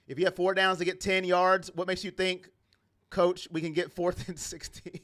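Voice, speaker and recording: Man, high-pitched, bright voice, sarcastic fan play-by-play, exasperated asides. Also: flat delivery, moderate pace. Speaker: fan commentator of a sports reaction channel. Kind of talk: casual play-by-play reaction.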